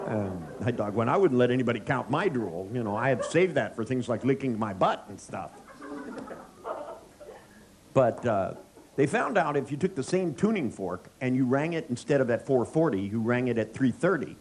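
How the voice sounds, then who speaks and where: Joking middle-aged seminar trainer. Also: male voice, mid-range voice, a little mellow, a little hiss or hum. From United States. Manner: joking, anecdotal, quizzes the audience. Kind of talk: live seminar lecture to an audience.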